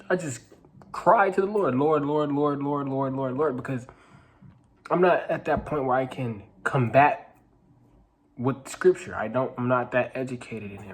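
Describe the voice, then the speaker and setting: A nineteen-year-old man earnestly telling a personal story to camera, halting, with many restarts and repeated phrases, sometimes dropping to a hush. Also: mid-range voice. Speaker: vlogger. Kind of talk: personal testimony told to camera.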